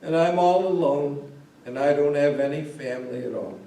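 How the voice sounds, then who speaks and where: A man's voice: on the high side, normal speed, dark tone, natural voice. A man voicing a lonely tearful little bunny. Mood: moaning. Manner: sobbing, plaintive. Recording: roomy echo, mic at a distance.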